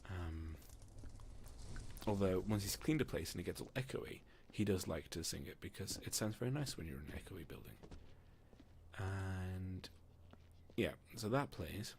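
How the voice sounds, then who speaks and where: A man's voice: sits low, lively intonation, moderate pace, gravelly, darkish tone, slight background noise. A man narrating a tabletop game as game master in a casual, rambling way, often stopping to ask himself questions. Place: room, alone.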